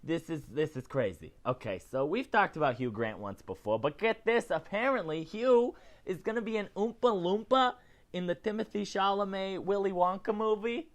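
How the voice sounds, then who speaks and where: A man hosting a casual celebrity news show, chatty and animated, often tagging his lines with "okay?". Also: high-pitched, moderate pace. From not British. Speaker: host.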